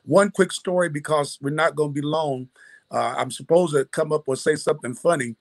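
A man's voice: a little high, brisk, no echo. A man giving a heartfelt birthday tribute to a friend, telling an earnest story full of restarts. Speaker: family friend and minister.

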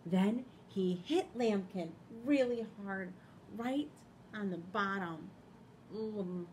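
A woman principal reading a picture book aloud to children in a school library, expressive, pausing to ask them questions. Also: mid-range voice, a little hiss or hum.

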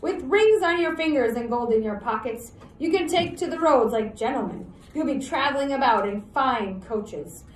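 A scrappy, quick-witted boy, brisk and urgent in a storybook read-aloud, as a woman teacher puts him on. The voice sits a touch high and rings in an echoey room, heard from a distance. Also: animated, slight background noise. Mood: scheming.

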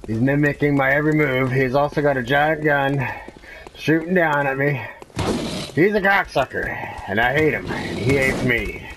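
A man's voice: mid-range voice, moderate pace. A man giving profane, frustrated gameplay commentary while he plays. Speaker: gamer. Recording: clear background noise.

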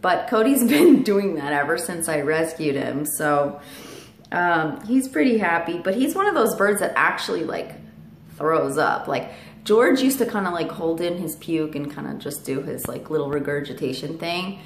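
A woman's voice: sits low, expressive, moderate pace, echoey room, slight background noise. A woman vlogger telling a casual story to camera at home, chatty, with fillers and asides to her parrot.

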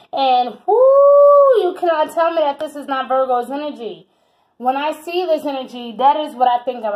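A woman with a high voice reads tarot cards in a loose, casual monologue. She is animated and chatty, swears freely and calls the listener honey and baby. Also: low-quality recording. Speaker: tarot reader.

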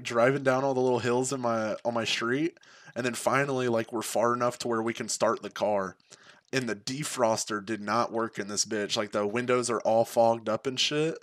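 A man's voice: medium pitch, fairly bright tone, no echo. A young man casually telling a personal story, laid-back and profane, full of slang and fillers. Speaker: streamer.

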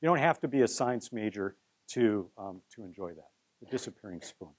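A man's voice: lowish voice, expressive, a little fast. A middle-aged man teaching chemistry to a live class, playful and theatrical, coaxing students up to help him at the board. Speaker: chemistry professor.

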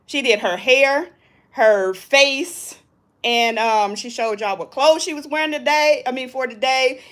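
A woman's voice: high voice, a little slow, a bit bright. A woman chatting casually on a live stream from a hotel balcony, greeting viewers and reading their comments. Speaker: vlogger hosting a live stream.

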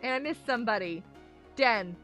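Speaking at a normal pace, this woman has a fairly high, slightly bright voice with a lively lilt. As host of a casual gaming livestream, she reads chat messages aloud, talks with viewers, and giggles often, all over soft background music.

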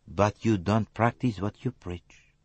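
A man's voice: lowish voice, slow pace, darkish tone, husky, no echo, lo-fi sound, voice pushed up. A man voicing a suave older male Belgian detective who probes precisely and slyly. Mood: probing.

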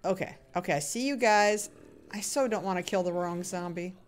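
A woman's voice: lowish voice, moderate pace. A woman live-streaming a building game, chatting casually, coaxing game characters in a sing-song voice and answering viewer chat. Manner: reads out viewer chat names and answers them. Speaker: Minecraft streamer.

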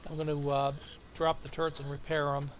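An American man playing a co-op game talks through his moves methodically, thinking aloud with many ums and uhs in casual gaming chat. His voice is a little high, monotone and brisk, over a noisy background.

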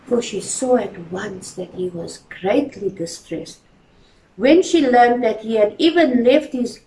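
Slow-reading woman storyteller in church. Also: on the high side, roomy sound, distant mic, slight background noise, rough recording. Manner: gentle, addresses children directly. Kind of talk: reading a children's story aloud.

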